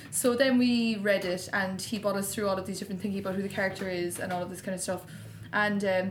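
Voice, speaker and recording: A woman's voice: medium pitch, a little hiss or hum. Irish woman chatting casually, swears a lot, laughs a lot, echoey room. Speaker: actor discussing a script. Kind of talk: casual chat.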